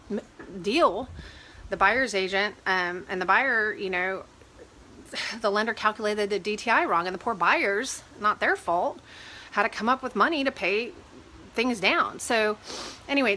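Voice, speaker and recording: Woman, realtor, chatty advice talk, stuffy cold, bright tone, light background hiss. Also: medium pitch. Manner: chatty, animated when retelling arguments. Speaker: real estate agent. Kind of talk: casual advice vlog. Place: home with dogs.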